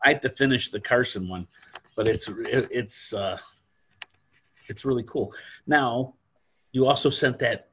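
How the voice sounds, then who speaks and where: A man co-hosting a podcast over a video call, telling stories in a relaxed way and laughing often. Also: mid-range voice, a little slow, pauses often, slight background noise. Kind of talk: casual chat.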